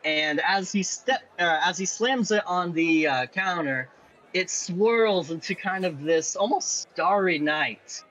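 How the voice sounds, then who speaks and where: A man narrating as game master for a tabletop game, in an animated, playful way. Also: high voice, slow, poor audio.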